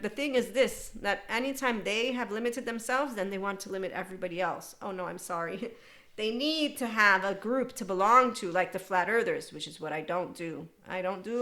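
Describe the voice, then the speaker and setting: Bright-voiced woman podcast host. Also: mid-range voice, moderate pace. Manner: animated, laughs often, switches into quoted voices. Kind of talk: unscripted monologue.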